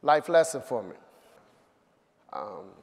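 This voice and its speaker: A man's voice: medium pitch, slow. A middle-aged man telling a personal story to an audience, acting out the voices of the people in it. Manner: animated storyteller, acts out voices. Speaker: speaker. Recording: long reverb of a hall.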